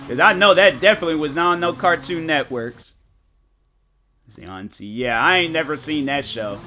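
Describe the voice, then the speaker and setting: Bright-voiced young man telling animated stories. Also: fairly high pitch, normal speed, slight background noise. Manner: animated, slangy storytelling. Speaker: gaming streamer. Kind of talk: casual chat with viewers.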